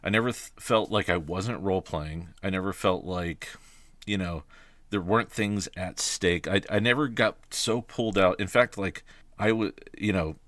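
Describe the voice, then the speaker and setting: A man with a very low voice chats about running tabletop games on a podcast. He speaks thoughtfully and often restarts his phrases, and the sound is dry and close. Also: normal speed, fairly bright tone, no echo. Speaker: game master, podcast speaker. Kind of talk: casual podcast chat.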